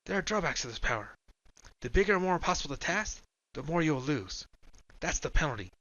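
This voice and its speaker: Bright, bouncy, teasing young woman played by a male narrator for an audiobook. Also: fairly high pitch, big pitch swings, quick pace, no room sound, highs cut off, voice pushed up. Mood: stern. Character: young woman coin holder, bold, teasing.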